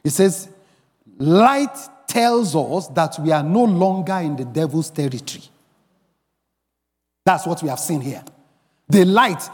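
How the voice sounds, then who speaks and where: High-voiced preaching pastor, man. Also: long reverb tail. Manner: emphatic preaching, rising to shouts and snatches of song. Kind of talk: sermon. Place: church.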